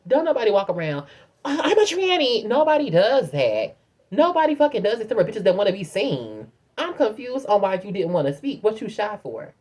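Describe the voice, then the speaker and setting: Animated, foul-mouthed woman ranting to viewers. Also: mid-range voice, brisk, husky. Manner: profane, blunt, animated storytelling with put-on quotes. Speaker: vlogger. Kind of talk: casual storytime rant.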